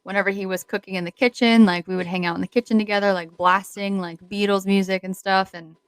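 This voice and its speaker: A woman's voice: mid-range voice, steady tone, quick pace, smooth, dry recording, poor audio. Rambling young woman, lots of "like". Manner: rambling, many "like" fillers, giggly. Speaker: podcast co-host. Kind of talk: casual chat.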